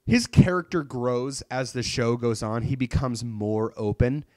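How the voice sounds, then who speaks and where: A man's voice: on the low side, no room sound. A young man chatting casually, retelling a story with energy, swearing freely and acting out characters' lines. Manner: animated, profane, retells plot with quoted lines. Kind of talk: casual chat.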